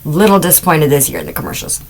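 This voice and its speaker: A woman's voice: low-pitched, quick pace, slight background noise, low-quality recording. A middle-aged woman hosting a casual crime podcast, telling stories with chatty asides and amused laughs. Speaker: podcast host.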